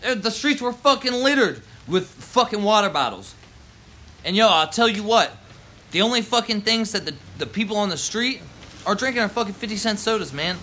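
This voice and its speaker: A man's voice: high voice, lively intonation, normal speed, bright, forceful tone. A man, ranting heatedly and profanely on his porch, dropping "man" and "yo" throughout. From Baltimore, Maryland. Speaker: vlogger. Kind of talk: profane outdoor rant. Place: front porch outdoors in the rain.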